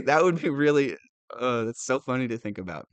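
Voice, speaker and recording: A man who reads news aloud and adds sarcastic, animated commentary, laughing often. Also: mid-range voice, moderate pace, no room sound. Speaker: political commentator.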